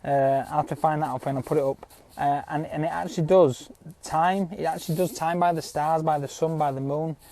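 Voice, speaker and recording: Sweary guy rambling at his viewers, keeps going "yeah?", slightly high but dark-sounding voice. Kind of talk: casual rant to viewers.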